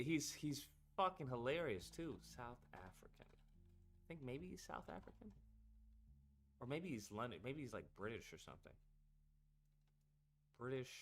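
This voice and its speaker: A man's voice: mid-range voice, fairly bright tone. A man hosting a casual live stream, rambling and swearing as he talks to his chat. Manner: rambling and profane, talking to chat. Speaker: streamer host.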